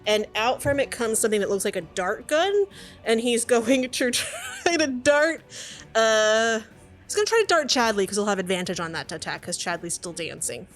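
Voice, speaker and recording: A woman's voice: fairly high pitch, expressive, moderate pace, soft background music. Laughing woman running a tabletop game. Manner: chatty, laughing, many "uh" restarts. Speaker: game master.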